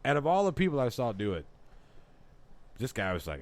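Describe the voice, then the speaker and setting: A man co-hosting a podcast, chatting fast and profanely, getting louder when he gets worked up. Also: lowish voice, big pitch swings, slight background noise. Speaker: podcast co-host. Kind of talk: casual crude banter.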